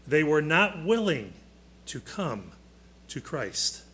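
A man teaching a Bible lesson to a class, deliberate and emphatic, pausing to quiz his listeners. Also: fairly high pitch, sing-song, fairly bright tone, slight background noise.

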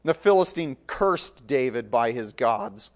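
A man reading a scripture passage aloud in a measured way, adding casual asides of commentary. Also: mid-range voice, lively intonation. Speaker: Bible teacher.

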